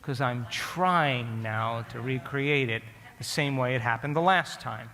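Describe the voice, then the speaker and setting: Animated man lecturing in a reverberant hall. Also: mid-range voice, measured pace, a little hiss or hum. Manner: animated, asks the audience questions. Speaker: speaker addressing an audience. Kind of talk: storytelling lecture.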